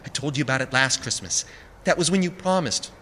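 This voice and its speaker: A man doing a stubborn, flat-voiced small boy. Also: medium pitch, a little fast, slight background noise, natural voice. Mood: scornful. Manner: flat, insistent, unimpressed. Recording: long reverb with faint music.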